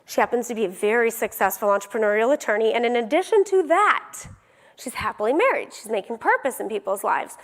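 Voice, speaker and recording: A woman's voice: a little high, expressive, fast, in a large hall. A young adult woman giving a motivational keynote, telling a personal story vividly and acting out the dialogue.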